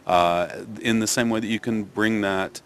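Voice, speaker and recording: A man's voice: fairly low pitch, steady tone, normal speed, slight background noise. An older man with a Canadian accent, a theatre director answering interview questions thoughtfully, with many restarts and fillers. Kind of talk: press interview.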